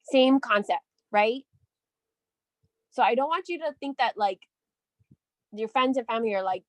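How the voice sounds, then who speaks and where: An energetic woman coaches her team on a call, talking in a chatty, eager way. Her voice sits a little high. The sound is dry and close. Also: normal speed, long pauses, no room sound. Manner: energetic, chatty, often checks in with "right?".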